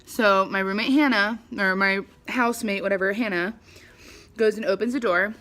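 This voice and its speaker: A young woman telling a casual storytime vlog at home, chatty and animated, acting out the people she quotes. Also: medium pitch, moderate pace. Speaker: vlogger. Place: her home, at a table by the front door.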